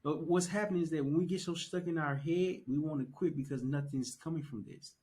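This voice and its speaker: Young male podcast guest, slightly high voice, animated and repetitive storyteller. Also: brisk. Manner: animated storytelling, repeats phrases for emphasis. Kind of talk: casual conversation.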